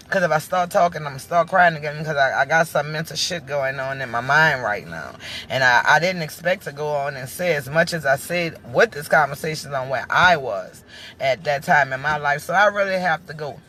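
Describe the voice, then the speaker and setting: A woman with a low, slightly bright voice hosts her own live-stream talk show, addressing viewers directly in a heartfelt, preachy way. She is emotional and keeps halting and restarting, and there's a little background noise.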